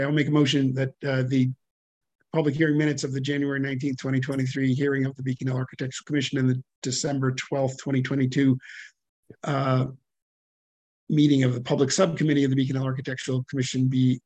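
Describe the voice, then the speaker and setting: A man chairing a public commission hearing, halting and full of fillers and self-corrections, speaking over a video call. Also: mid-range voice, monotone, a little mellow, dry recording.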